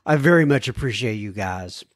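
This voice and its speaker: A man's voice: medium pitch, expressive, normal speed, no room sound, clean studio sound. A man hosting a recovery podcast in a casual, chatty, self-deprecating way, often laughing as he talks. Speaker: podcast host.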